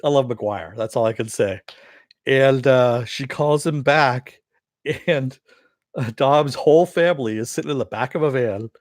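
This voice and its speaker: A TV episode reviewer gives a rambling, casual spoken recap of an episode, packed with "uh" and "you know" and offhand swearing. His medium-pitched voice is unhurried, recorded at studio quality with no echo.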